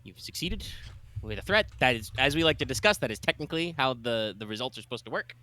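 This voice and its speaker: A man's voice: medium pitch, lively intonation, fast talker, bright, forceful tone. A man running a tabletop game as game master, explaining rules in a rambling way with lots of filler words.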